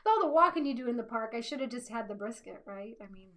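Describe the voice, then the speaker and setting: A woman on a relaxed livestream adds short, frank remarks to the conversation. Her voice sits a little high, and she speaks in a plain, matter-of-fact way. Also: fast talker. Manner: blunt, short interjections. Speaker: co-host of a theme park livestream. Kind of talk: casual chat.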